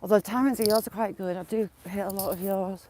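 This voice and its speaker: A woman's voice: mid-range voice, steady tone, fast, dark tone, slight background noise. Chatty English woman on a countryside walk. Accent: English, mixed regional. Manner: chatty, greets viewers by name. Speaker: livestream host. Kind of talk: casual walk-and-talk livestream. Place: outdoors on a cold countryside walk.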